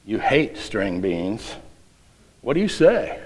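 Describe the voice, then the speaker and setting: Slow-talking man preaching. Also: fairly low pitch, big pitch swings, rough recording. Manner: reads quiz aloud with playful voices. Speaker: pastor. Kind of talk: sermon.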